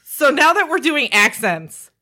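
A woman hosting a podcast, excitable and crude, firing off questions quickly. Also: sits high. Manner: excitable, crude, fast-talking. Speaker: podcast host. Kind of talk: casual chat.

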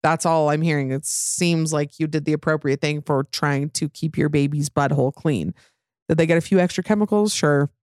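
A woman's voice: deep voice, moderate pace, darkish tone, no room sound, clean studio sound. A young adult woman hosting a casual, candid chat, rambling with many fillers and frank swearing.

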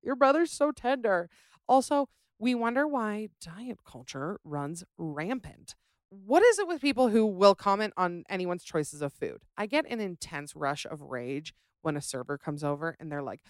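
A woman's voice: mid-range voice, big pitch swings, moderate pace, clean tone, no echo, clean studio sound. Sassy ranting woman podcast host. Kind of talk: casual chat reading listener stories.

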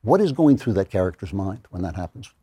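A man hosting a conversational interview, eager and animated, often restarting his sentences. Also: deep voice, brisk, breathy edge, dry recording. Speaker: podcast host.

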